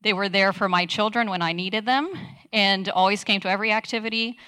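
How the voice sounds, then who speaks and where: A woman in her forties, a physician, gives an earnest devotional teaching talk at church, pausing often to gather her thoughts. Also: medium pitch, steady tone, sharp tone, clean tone. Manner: earnest, with frequent hesitant pauses.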